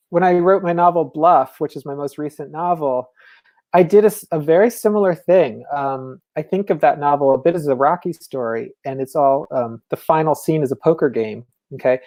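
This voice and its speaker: A man with a mellow, warm voice gives a relaxed festival talk on the craft of writing. He is enthusiastic and conversational, sprinkling in fillers and asides as he explains. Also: on the high side, moderate pace. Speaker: novelist, festival speaker. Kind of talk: casual lecture on writing.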